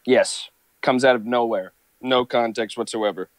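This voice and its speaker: A man's voice: mid-range voice, a little slow, no room sound. A man co-hosting a live stream, telling rambling joking stories in casual banter.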